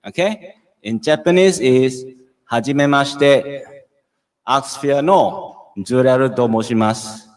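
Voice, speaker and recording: A middle-aged man with a Singaporean English accent, teaching a live-streamed Japanese lesson, repeating phrases and checking in with "okay?" often. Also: mid-range voice.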